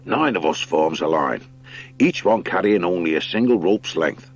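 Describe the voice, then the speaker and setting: A man voicing a steady, practical male otter leader in an audiobook, speaking calmly and plainly in rustic grammar. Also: low-pitched, normal speed. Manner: calm, matter-of-fact, rustic grammar. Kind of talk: audiobook character voice.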